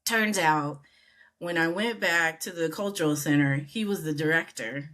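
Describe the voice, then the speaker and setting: Telling a casual story as an interview guest, a middle-aged American woman mimics the people she quotes with large leaps in her voice. She speaks at a moderate pace in a low-pitched voice that's a bit bright.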